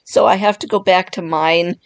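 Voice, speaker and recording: A woman's voice: lowish voice, fairly even intonation, moderate pace, vocal fry, no room sound. A woman YouTuber who is sick, casually commenting and reacting with disbelief. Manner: reactive, incredulous. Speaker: YouTuber playing with chatbots. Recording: dry.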